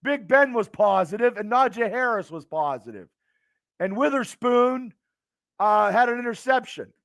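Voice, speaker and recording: This fan show host's voice is very high, animated and a bit bright, with vocal fry at a moderate pace. He's on a late-night live stream from home, frustrated over a lost game, stammering and swearing as he reads viewer comments. There's no room sound, just clean studio audio.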